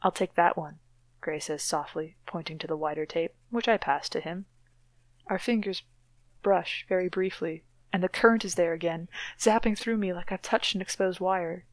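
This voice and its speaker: A woman's voice: fairly low pitch, moderate pace, dry recording. Dry-voiced woman reading aloud wryly. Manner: wry, mocking asides. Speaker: podcast co-host reading a novel aloud. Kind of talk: dramatic reading with sardonic commentary.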